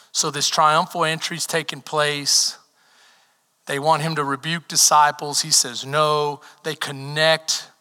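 A man preaching a sermon as pastor, swinging from shouted lines down to near whispers. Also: a little high. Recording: reverberant hall.

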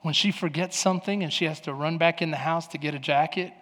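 A pastor preaches with a notably high-pitched man's voice, telling stories and slipping into the voices of the people he quotes. His words ring out with a long echoing reverb, as if filling a large sanctuary. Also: quick pace. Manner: lively storytelling preacher, acting out quoted voices. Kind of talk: sermon.

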